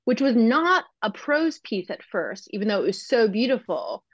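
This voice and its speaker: A woman's voice: fairly high pitch, sing-song, normal speed, breathy edge, no room sound. Female guest author, reflective, restarts a lot; muffled dry audio. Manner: thoughtful, searching, frequent restarts. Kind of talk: reflective conversation. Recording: slightly muffled dry recording.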